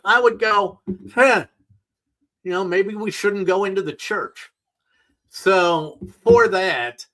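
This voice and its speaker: A man's voice: on the high side, pushed and bright, rough recording. A middle-aged man hosting a solo talk show, ranting in an exasperated, sarcastic and profane way. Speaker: podcast host. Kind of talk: opinionated solo rant.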